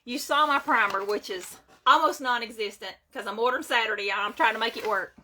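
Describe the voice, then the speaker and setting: A woman's voice: on the high side, fairly quick, bright, forceful tone, a little hiss or hum. A woman hosting a casual live makeup stream from home, chatting with viewers and greeting them by name. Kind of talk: casual live chat while doing makeup. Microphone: phone or webcam for a live video.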